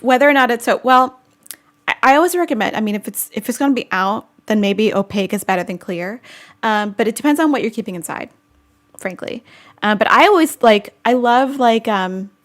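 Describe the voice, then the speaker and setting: Young woman, fairly high voice, chatty and giggly, casual vlog chat. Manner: chatty, giggly, many fillers and restarts. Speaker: vlogger answering viewer questions.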